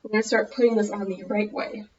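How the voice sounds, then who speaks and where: A woman's voice: mid-range voice, little pitch movement, fast talker, a little mellow, dull audio. A woman with a Minnesotan American accent, chatting casually through a clothing tutorial, rambling and correcting herself as she goes. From United States. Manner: rambling, loses her thread, self-correcting. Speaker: vlogger.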